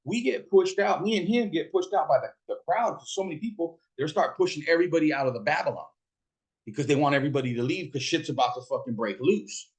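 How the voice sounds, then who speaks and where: A middle-aged man from Fresno tells a story of his own in a loose, unscripted monologue. His voice sits a little high for a man. He swears freely and jumps into the voices of the people he is quoting. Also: quick pace. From Fresno, California. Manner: profane, animated, acts out quoted voices. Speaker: host telling a personal story.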